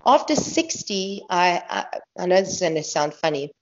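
A woman's voice: fairly low pitch, big pitch swings, moderate pace. A woman being interviewed about her running, chatty, laughing often and restarting her sentences. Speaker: guest ultramarathon runner. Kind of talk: casual interview talk. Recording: dull lo-fi podcast audio.

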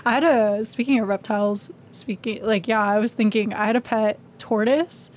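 Bubbly woman, higher voice. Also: fairly even intonation, moderate pace, a little hiss or hum. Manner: bubbly, laughs often, fillers like "like". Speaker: guest drummer. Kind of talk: casual chat.

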